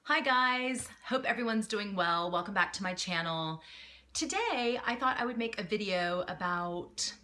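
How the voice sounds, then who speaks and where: A woman's voice: medium pitch, unhurried. A woman, chatting casually to camera as an expat mom vlogger. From North Carolina, United States. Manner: chatty, lively, self-deprecating with fillers.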